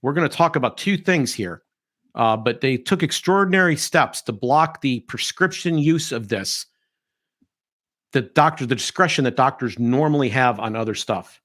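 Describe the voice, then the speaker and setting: A middle-aged man hosting a podcast, giving opinionated commentary in an animated, mocking way and sometimes mimicking others. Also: medium pitch, moderate pace. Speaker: podcast host.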